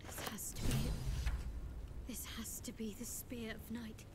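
A woman voicing a hushed, devout young cleric. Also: fairly high pitch, flat delivery, unhurried, a little hiss or hum, natural voice. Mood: reverent.

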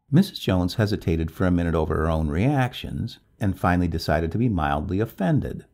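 A low man's voice, gravelly and husky, reads a story aloud in a measured, expressive way. His tone is dark and mellow, and his pitch moves over a very wide range. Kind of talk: scripted narration.

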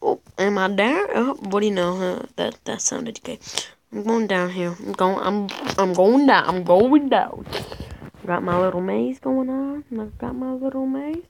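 A teenage girl gives casual commentary while playing a video game, rambling and poking fun at herself. Her mid-range voice is gravelly and moderately paced, and the rough recording carries slight background noise.

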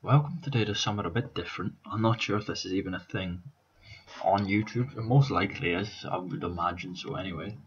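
A man's voice: low voice, fast, dull audio. A Scottish man in his twenties talking casually and swearing, thinking aloud with lots of ums, tired from staying up all night. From Scotland. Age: 20s. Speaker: YouTuber. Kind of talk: casual vlog commentary.

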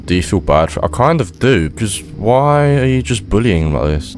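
A man's voice: fairly low pitch, sing-song, normal speed, few pauses. A man doing horror game commentary, reacting with startled, swearing exclamations and reading the game's text aloud. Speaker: gaming YouTuber.

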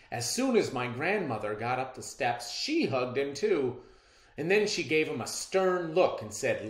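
Expressive man reading a children's book. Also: medium pitch. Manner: expressive, unhurried storytelling. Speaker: storybook reader. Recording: roomy echo.

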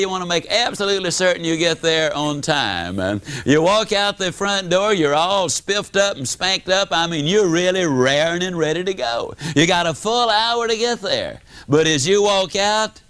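An older man giving a motivational speech to an audience, telling stories with animated, drawn-out emphasis. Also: high-pitched, clean tone. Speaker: motivational speaker.

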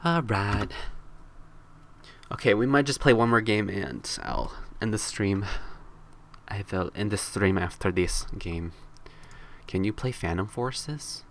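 Slow and prone to frequent pauses, this young streamer jokes around with his chat while playing a game live, letting out high squeals of mock fright when he's cornered. His intonation is lively, his tone fairly bright, and there's a bit of hiss or hum in the audio.

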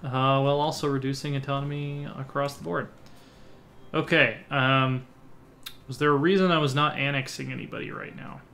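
A man's voice: medium pitch, little pitch movement, moderate pace, gravelly, pushed and bright. A man hosting a strategy game playthrough, thinking aloud as he clicks through menus and muttering half-finished plans. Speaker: let's play host. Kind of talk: casual gameplay commentary.

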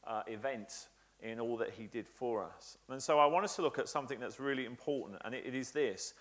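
Earnest pastor preaching. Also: male voice, medium pitch, brisk. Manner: earnest, emphatic, builds points by repetition with frequent "uh" fillers. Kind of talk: sermon. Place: church.

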